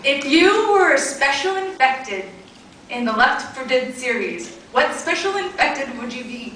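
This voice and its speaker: A woman's voice: sits high, sing-song, unhurried, noisy background. A woman fan asking a panel a question, nervous and giggly, rambling as she goes. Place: large convention hall. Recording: echoey hall, mic far off, loud crowd.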